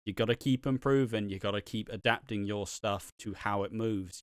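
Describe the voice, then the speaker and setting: A man co-hosting a podcast, giving an animated, opinionated rant with plenty of swearing. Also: lowish voice, moderate pace, hardly any pauses, dry recording, studio quality. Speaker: podcast co-host.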